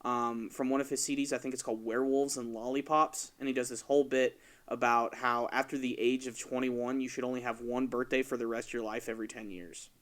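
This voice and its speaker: A man's voice: mid-range voice, little pitch movement, a little fast, few pauses, a bit bright. A man in his twenties hosting a podcast, talking in a laid-back way full of fillers. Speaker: podcast host. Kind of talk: casual chat.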